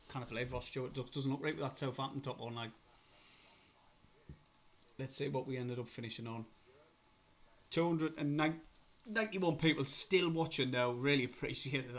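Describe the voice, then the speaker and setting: A young man with a Sunderland accent, hosting a casual live stream, chatty, laughing often, swearing and getting excitable. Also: medium pitch, a little hiss or hum. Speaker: livestream host.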